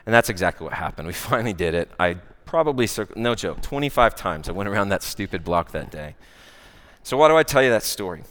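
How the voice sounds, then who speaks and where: An American man delivers a sermon built around a personal story, talking casually with frequent "uh"s and "right?" checks. His voice is smooth and a touch low. The sound rings with the long reverb of a large worship hall. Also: big pitch swings, fairly quick, fairly bright tone. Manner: conversational, many "uh" fillers and "right?" asides. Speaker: worship director preaching.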